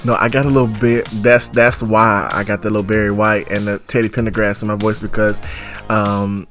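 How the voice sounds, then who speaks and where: A man co-hosting a casual podcast, his voice worn down from singing at church all day, lively and quick to break into song. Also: fairly low pitch, soft background music. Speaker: podcast co-host. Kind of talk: casual chat.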